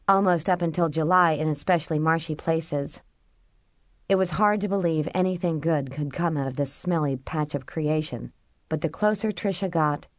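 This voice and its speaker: Low-voiced woman reading an audiobook. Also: dry recording, clean studio sound. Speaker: audiobook narrator. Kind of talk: scripted narration.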